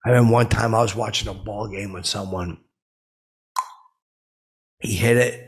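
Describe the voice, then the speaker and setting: A clueless, brash male comic who rambles through his stories and gets loud whenever he quotes himself. The voice is low and gravelly with a husky edge. A man plays him in a comedy podcast. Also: fairly even intonation, moderate pace. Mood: rambling. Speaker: comedy podcast host in character. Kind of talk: rambling comic storytelling monologue.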